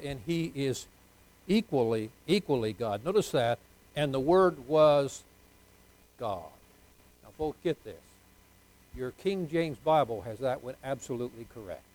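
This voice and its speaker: An older man preaching a sermon, swinging between soft asides and loud emphatic points, with folksy jokes. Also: on the high side, low-quality recording. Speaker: pastor.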